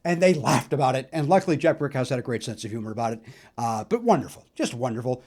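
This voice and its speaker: A middle-aged man from the Chicago area hosting a solo podcast, telling stories in a chatty, animated way with lots of fillers. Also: mid-range voice, quick pace. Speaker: podcast host. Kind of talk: solo musical nostalgia talk.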